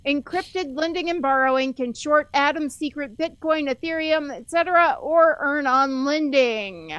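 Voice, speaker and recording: A woman's voice: high-pitched, fairly bright tone, no echo. A woman co-hosting a casual livestream, reading out viewer comments and questions. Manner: reads out comments in an unhurried way.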